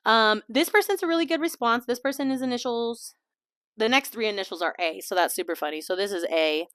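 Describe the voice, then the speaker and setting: A woman hosting a casual podcast, chatty and laughing often, slipping into quiet asides. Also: a little high, a little fast, no echo, clean studio sound. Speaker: podcast host. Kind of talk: casual chat. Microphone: small desk mic.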